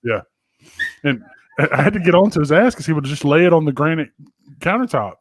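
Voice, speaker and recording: A man co-hosting a podcast, chatting in loose, profane banter and acting out the people in his stories. His voice sits a little high for a man. The sound is dry and close, with no room around it. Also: expressive, brisk, no room sound. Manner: loose storytelling full of profanity and acted-out quotes. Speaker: podcast co-host.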